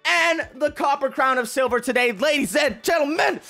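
An excitable man narrating a game walkthrough, talking straight to his viewers. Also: very high voice, normal speed, creaky, soft background music. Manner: excitable, addresses viewers as guys and ladies and gentlemen. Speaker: gaming video creator. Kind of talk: gameplay walkthrough commentary.

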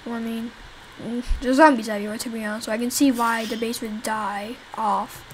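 In poor audio with slight background noise, a young woman with a slightly high, fairly even voice talks briskly to viewers. She's the developer of the zombie game she's playing, and she rambles on and swears at the enemies.

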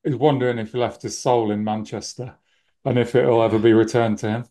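A man's voice: mid-range voice, steady tone, fairly quick, warm tone. A man co-hosting a casual podcast over a remote call, jokey and self-mocking in the way he talks. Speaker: podcast co-host.

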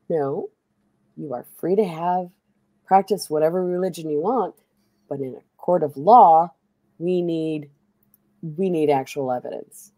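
A woman's voice: low voice, slow, long pauses, warm tone, no echo. A woman hosting a stream, telling a long story in a chatty, rambling way full of fillers. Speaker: streamer host. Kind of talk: casual chat while playing a game.

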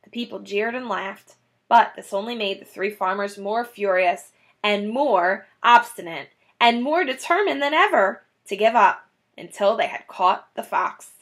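A woman teacher reading a children's book aloud, telling the story expressively and adding brief chatty asides for her listeners. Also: a little slow. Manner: expressive storytelling, jumps high for quoted characters.

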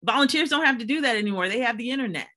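A woman speaking as a panelist and former volunteer, telling animated stories from her service over a video call. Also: a little high, very fast. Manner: animated storytelling, laughs while telling. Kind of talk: panel discussion recollection.

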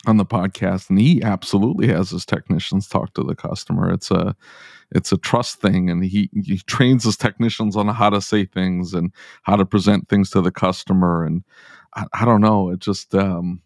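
Low-voiced joking podcast host. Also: male voice, fairly even intonation, normal speed, gravelly, darkish tone, dry recording, clean studio sound. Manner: jokey, teasing, many restarts. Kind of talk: casual chat and scripted outro.

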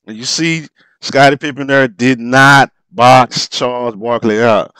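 A man's voice: medium pitch, unhurried, bright, forceful tone, clean tone, dry recording. A man commenting on old basketball game footage, talking informally with frequent exclamations and laughs at mistakes. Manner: informal, drops verb endings. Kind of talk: excited play-by-play commentary over a replay.

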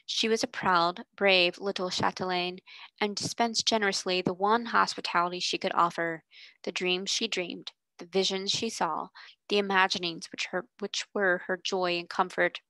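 A woman reading a children's novel aloud, steady and gentle. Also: on the low side, normal speed, no room sound, rough recording. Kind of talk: audiobook read-aloud narration.

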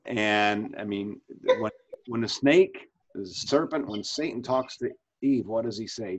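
A man's voice: fairly low pitch, measured pace, slightly rough. A man in his fifties, a pastor leading a Bible study discussion over a video call, talking conversationally, asking questions and often restarting his sentences. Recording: dull lo-fi video call audio.

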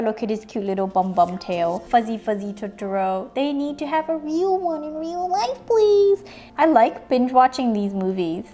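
A woman's voice: a little high, a little mellow. A woman hosting a playful toy unboxing, cracking puns and making little sound effects and animal noises as she goes.

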